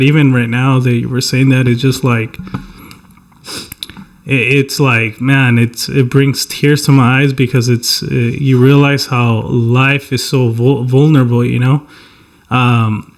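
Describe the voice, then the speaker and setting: A man hosting a podcast speaks in a heartfelt, halting way. He restarts often and fills his pauses. His voice sits at an ordinary middle pitch for a man. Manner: halting, many restarts and fillers, earnest. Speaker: podcast host. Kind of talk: heartfelt casual chat.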